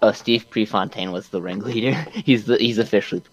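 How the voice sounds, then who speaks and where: A man's voice: lowish voice, fairly quick, slight background noise, rough recording. A young man animatedly retelling a game session in casual chat, laughing and using many fillers. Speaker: podcast co-host recapping a game.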